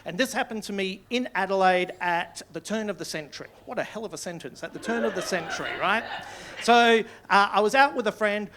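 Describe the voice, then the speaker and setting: A man's voice: sits high, a little fast, sharp tone, a little hiss or hum. An Australian man in his forties doing live stand-up, telling stories in a chatty way with frequent tag questions and swearing. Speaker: stand-up comedian. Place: comedy club stage.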